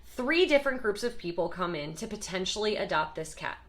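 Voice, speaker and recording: Woman, bright tone, lively emphatic teaching talk, parenting advice. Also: mid-range voice, a little fast. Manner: lively, emphatic, with acted example voices. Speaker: parenting educator. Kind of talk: explanatory talk to camera.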